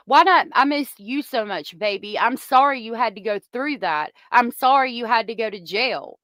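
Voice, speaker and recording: A woman rants angrily at her viewers, swearing freely in a heated commentary style. Her voice sits a little high. She is close on her microphone in a dry, dead room. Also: lively intonation, moderate pace, hardly any pauses, fairly bright tone, no echo. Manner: angry, profane, ranting at viewers. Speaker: commentary channel host. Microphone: close desk microphone.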